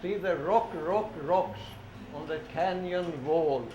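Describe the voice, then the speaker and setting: A man with a high voice reads train picture books to small children, slow and sing-song, echoing each word and coaxing them to join in. The recording is roomy and echoey, with a dull lo-fi sound. Steady hiss runs underneath. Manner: sing-song, repeats words, prompts kids to say sounds along. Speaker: storybook reader for children.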